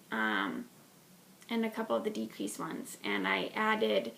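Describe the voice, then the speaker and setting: Gravelly-voiced woman chatting about knitting. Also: mid-range voice, fairly bright tone, a little hiss or hum. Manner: chatty, many ums and restarts. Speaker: knitting podcast host. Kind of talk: casual show-and-tell about a knitting project.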